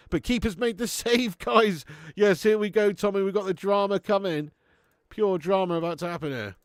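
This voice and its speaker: A man's voice: on the high side, creaky, no room sound, studio quality. A man hosting a live football watch-along, reading out viewers' comments, swearing and laughing in laddish banter.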